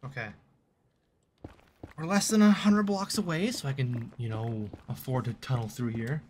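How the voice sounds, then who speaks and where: At his computer desk, a streamer and gaming video creator gives live gameplay commentary that's chatty and self-mocking, even talking to the game's creatures. His medium-pitched voice is a little mellow and moves at normal speed, with slight background noise.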